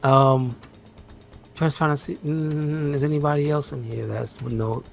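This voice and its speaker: A man's voice: a little high, steady tone, measured pace, gravelly, faint music behind. A man co-hosting a podcast, chatting casually about a movie and reading out its cast with lots of fillers. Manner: rambling, reads out cast lists with fillers. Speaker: podcast co-host. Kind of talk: casual movie review chat.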